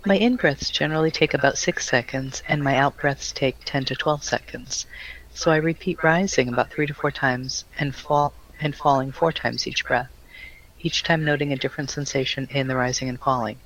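A man reading out questions to a teacher in a plain, even manner. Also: medium pitch, normal speed, low-quality recording. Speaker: question reader.

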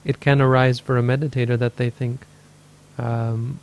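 There's a slight hiss or hum behind this meditation teacher's medium-pitched, darkish voice, which stays level at a normal speed. Responding to questions in his dharma talk, he thinks things through out loud, catches and corrects himself, and plays out the voices in people's heads.

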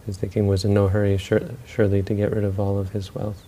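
A man's voice: on the low side, completely flat delivery, fast talker, mellow. A man telling a story aloud in a loose, unscripted way, with restarts and asides. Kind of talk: spoken storytelling talk.

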